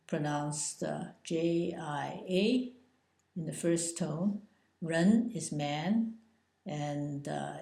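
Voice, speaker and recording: Slow, hesitant woman teaching Chinese words. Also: low-pitched, gravelly, warm tone. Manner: hesitant, many drawn-out uh fillers. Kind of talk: slow explanatory lesson. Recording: echoey room.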